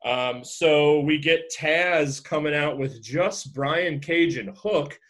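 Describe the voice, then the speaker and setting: A man's voice: a little high, slow, fairly bright tone. A man co-hosting a podcast, recapping in casual chat with many fillers and restarts. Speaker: podcast co-host.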